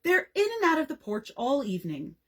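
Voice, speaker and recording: A woman's voice: high voice, big pitch swings, a little fast, fairly bright tone, voice pushed up, exaggerated voice. A woman reading aloud as an exasperated teenage girl who complains theatrically.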